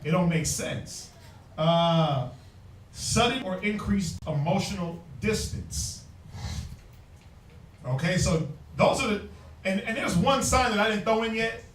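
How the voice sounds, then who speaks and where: High-voiced man teaching in a roomy space. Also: lively intonation, slow, pauses often, a little hiss or hum. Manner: preachy, conversational, quotes scripture. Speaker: group teacher. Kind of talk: religious group discussion. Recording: roomy sound from a distant mic.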